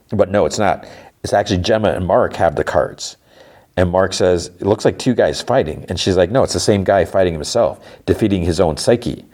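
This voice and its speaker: Low-voiced man casually recapping scenes. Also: a little mellow. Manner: retells scenes with quick "she's like" dialogue; wondering asides about plot. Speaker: podcast host.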